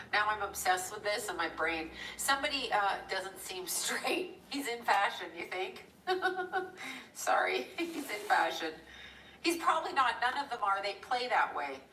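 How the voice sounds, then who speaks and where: A woman with a bright, sharp-edged voice talks casually on a live stream, rambling from one thought to the next with blunt, salty asides. She sits back from the mic in a roomy, echoing space, with a faint hum of ambience behind her. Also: mid-range voice, expressive, unhurried. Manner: rambling, blunt and profane, chuckling. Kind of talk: casual live-stream chat while drawing. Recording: roomy echo from a distant mic.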